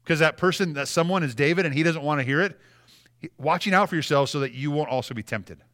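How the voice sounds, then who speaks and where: Bright-voiced impassioned male preacher. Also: a little high, fast talker. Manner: impassioned, repeats words when stressing a point. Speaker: pastor. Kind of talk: sermon.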